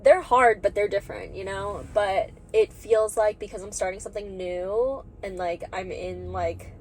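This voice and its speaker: A woman's voice: mid-range voice, steady tone, normal speed, a little mellow. A young woman, talking candidly in a casual vlog and using many fillers like "like". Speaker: vlogger. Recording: noisy background.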